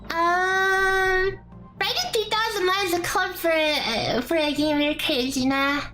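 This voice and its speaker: Bright, high-voiced chatty woman streamer. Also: a little slow, rough recording. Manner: chatty, rambling, playful asides. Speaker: streamer explaining a damage calculator. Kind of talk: casual live-stream explanation. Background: faint background music.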